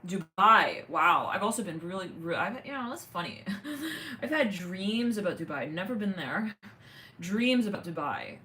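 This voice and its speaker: A woman's voice: medium pitch, sing-song, normal speed, sharp tone, a little hiss or hum. A woman hosting a casual livestream, chatting in a rambling way with many fillers, thanking viewers. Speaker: livestream host.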